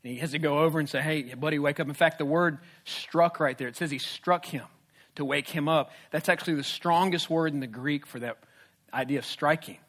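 A male pastor preaching a sermon, animated, with swings from hushed to loud. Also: on the high side, brisk.

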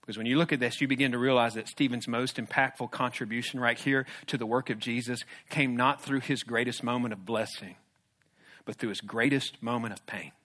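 A man preaching a sermon, moving between loud emphatic declarations and hushed, low, intense passages. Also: steady tone, a little fast. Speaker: pastor.

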